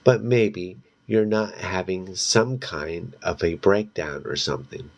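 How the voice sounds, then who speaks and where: A man reading aloud, voicing a flustered, worried teenage boy who urges his girlfriend to calm down. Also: sits low, slow, vocal fry, highs cut off, heavily acted. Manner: anxious, urging.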